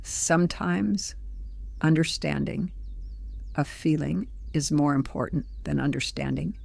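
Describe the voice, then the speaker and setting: Gentle, gravelly older grandmother storyteller. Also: sits low, flat delivery, unhurried, no echo. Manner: gentle, soothing. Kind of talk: slow scripted storytelling.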